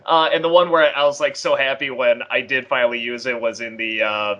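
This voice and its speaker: A man's voice: medium pitch, fairly even intonation, brisk, few pauses, a bit bright. A man as the guest in a casual commentary chat, laughing a lot and eagerly acting out quotes. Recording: dull lo-fi audio.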